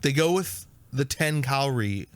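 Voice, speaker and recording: A man's voice: mid-range voice, expressive, normal speed, no echo. A man co-hosting a podcast, chatting casually with lots of filler words. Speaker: podcast co-host. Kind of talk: casual chat.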